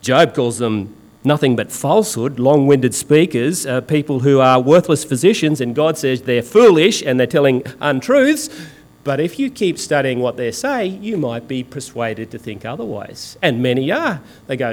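Aussie guy preaching, slightly high voice, swings up and down a lot, punchy and sarcastic. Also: very animated, moderate pace, a little mellow. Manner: emphatic, sarcastic, colloquial. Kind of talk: sermon.

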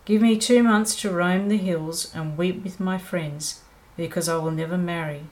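A Bible reader voicing a young woman pleading with her father, in a steady, measured reading. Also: medium pitch, lightly acted, low-quality recording. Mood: solemn.

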